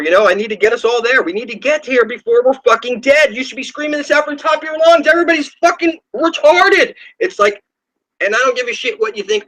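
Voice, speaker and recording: A man hosting his own channel, delivering a rambling, profane and insistent monologue whose pitch leaps up when he gets heated. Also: a bit bright, rough recording. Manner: ranting, profane and insistent, with sudden pitch jumps. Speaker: channel host.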